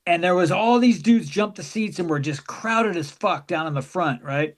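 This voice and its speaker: A man chatting casually as a podcast guest, telling animated road stories, acting out other people's voices and swearing freely. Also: high voice, moderate pace. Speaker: guest, tour crew member. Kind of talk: casual chat.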